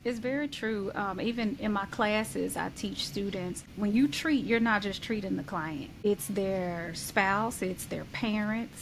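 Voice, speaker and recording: A woman hosting an interview, asking questions calmly and affirming her guest. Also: medium pitch, unhurried, few pauses, background noise. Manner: calm, affirming listener with soft "mm-hmm"s. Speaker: podcast host. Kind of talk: conversational interview.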